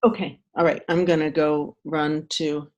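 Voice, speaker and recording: A woman taking part in a training exercise over a video call. She speaks tenderly and haltingly, pausing as she shares her feelings. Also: low-pitched, level tone, a little mellow, highs cut off. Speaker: workshop participant. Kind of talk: slow, heartfelt sharing in a training exercise.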